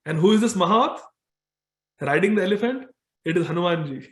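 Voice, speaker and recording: A man giving a scripture class, narrating a devotional story in an animated way and repeating phrases as he goes. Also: high-pitched, a little fast, roomy sound.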